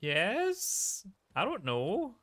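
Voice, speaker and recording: Lively young man joking through a game. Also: high voice, very slow. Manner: animated, joking, swearing freely. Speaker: let's play streamer. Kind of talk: casual gaming commentary.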